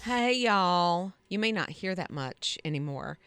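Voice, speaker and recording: Lively woman co-hosting morning radio. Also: on the low side, a little slow, clear, resonant tone, no room sound, faint music behind. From Ohio, moved South as an infant. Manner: chatty, animated storytelling. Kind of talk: casual radio chat.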